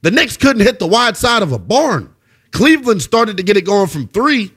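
Male sports show host, high voice, lively swinging pitch, emphatic. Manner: animated, emphatic, repeats himself for effect. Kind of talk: post-game basketball analysis.

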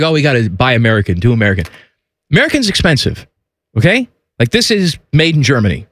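A man hosting a radio show, chatting casually and telling stories in an animated way. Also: medium pitch, no echo. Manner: animated, talkative storyteller.

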